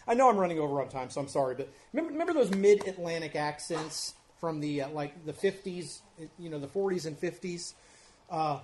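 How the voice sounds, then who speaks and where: A pastor preaching an earnest expository sermon, with emphatic rises and drops in loudness and casual asides. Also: male voice, sits high. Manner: conversational asides.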